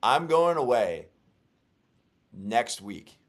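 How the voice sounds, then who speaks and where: A man's voice: medium pitch, big pitch swings, drawn-out words. A young man co-hosting a casual sports podcast, chatty and upbeat when he tells a story. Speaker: podcast co-host.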